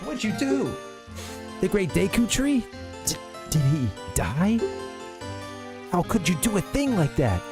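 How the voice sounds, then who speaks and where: A man voicing a bratty, bossy forest boy who whines accusations in a high, shrill tone. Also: sing-song, slow pace, long pauses, heavily acted. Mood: accusing. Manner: shrill, whiny mock indignation. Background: game music.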